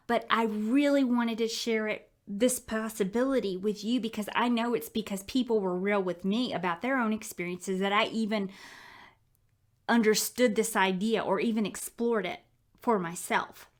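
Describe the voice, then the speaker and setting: A woman in her thirties or forties talks candidly about her own prayer life. Her delivery is heartfelt and conversational, like a personal faith testimony told to a friend. Her voice sits at an ordinary middle pitch. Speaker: Christian speaker sharing her prayer life.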